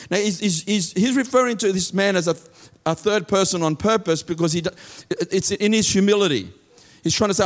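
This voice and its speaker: A man with a high voice preaches a sermon. He reads verses slowly, then explains them earnestly, often restarting his phrases. At times he builds to loud, urgent peaks. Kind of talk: sermon teaching from scripture.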